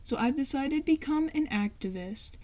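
A woman voices a gloomy teenage girl turned earnest activist, speaking in a grave, serious tone. The voice is fairly high but mellow and soft-edged, read like a storybook. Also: animated, normal speed. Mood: solemn. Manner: earnest, somber delivery.

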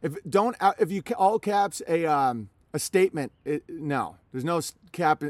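A man's voice: on the high side, expressive, normal speed, a little mellow, no room sound. A man live streaming, talking casually to his chat in a rambling way with many restarts.

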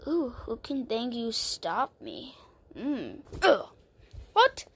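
A woman's voice: a little high, huge pitch swings, takes it slowly, slightly rough. A woman acting out a homemade toy story, playful and full of exclamations and silly character voices.

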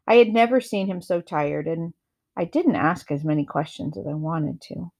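Low-voiced woman reading a novel. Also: moderate pace, vocal fry, darkish tone. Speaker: reader.

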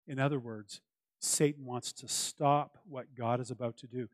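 A man delivers a sermon as a pastor, earnest and emphatic, circling back to his key phrases. His voice sits in an ordinary middle pitch. The sound is close and dry, with little room in it. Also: a little fast, no room sound.

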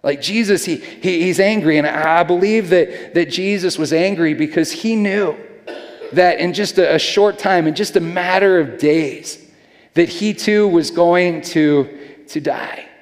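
A man's voice: high-pitched, measured pace. A man preaching a sermon as a pastor, talking in a casual, earnest way and often repeating words as he goes. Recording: long hall reverb.

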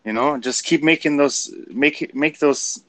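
A man's voice: a little high, a little slow, fairly bright tone, no room sound. A man with a German accent, co-hosting a casual motivational chat and laughing easily. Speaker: co-host.

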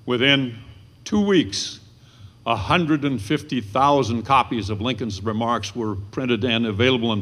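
An older man giving a storytelling history lecture to an audience, dramatic and swelling at the high points. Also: fairly bright tone.

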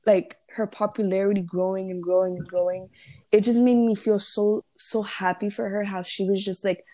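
A woman's voice: medium pitch, little pitch movement, normal speed, warm tone. A young woman chatting as a guest on a call, rambling with lots of likes and restarts. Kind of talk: casual chat over a call.

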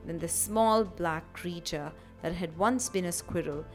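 Expressive woman telling a children's story. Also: lowish voice, a little slow. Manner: expressive, warmly animated storytelling. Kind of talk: scripted narration for children. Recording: faint background music.

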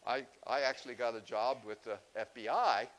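A man's voice: medium pitch, normal speed, a bit bright, natural voice, low-quality recording. A man voicing a boastful retired talking dog in a folksy, rambling way.

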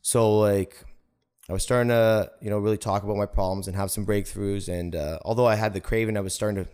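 A man's voice: on the low side, fairly even intonation, a little fast, darkish tone, smooth. A man guest on a podcast, telling a personal story in a rambling way, full of "like" and "right?". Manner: rambling, heavy use of "like" and "right?".

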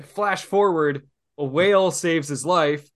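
A man's voice: fairly high pitch, slow, a bit bright. A man co-hosting a casual podcast, laid-back, laughing along and retelling movie scenes. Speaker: podcast co-host.

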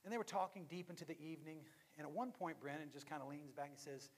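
A pastor with a high, light voice tells a story from the pulpit. He shifts from lively delivery to hushed, weighty moments for emphasis, and his words ring out with a long echo through the church. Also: fast talker. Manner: dramatic, drops to hushed tones for emphasis. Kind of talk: storytelling sermon. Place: church sanctuary. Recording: long reverb of a large hall.

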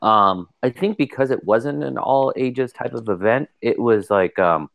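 A man co-hosting a podcast, chatting casually and telling lively stories, voicing the people in them with sudden jumps in pitch. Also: measured pace, vocal fry, dull audio. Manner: animated storyteller, mimics people with pitch jumps. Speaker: podcast co-host.

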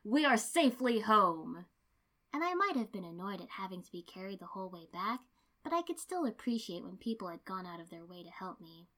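Narrator: woman, calm first-person story reading, steady pace. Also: mid-range voice, quick pace. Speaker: reader.

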